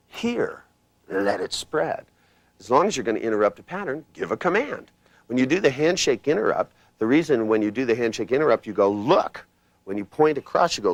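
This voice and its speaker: A man leading a live hypnosis workshop, blunt and commanding, swinging his pitch and loudness to demonstrate. He talks casually and swears now and then. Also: big pitch swings, fast talker, dry recording. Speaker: hypnosis trainer.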